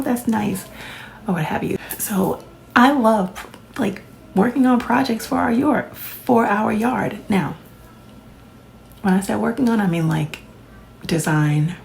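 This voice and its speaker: A woman's voice: fairly low pitch, gravelly, a little mellow, slight background noise, low-quality recording. A woman, chatting casually to camera as a vlogger, laughing often and adding playful asides. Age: 40s.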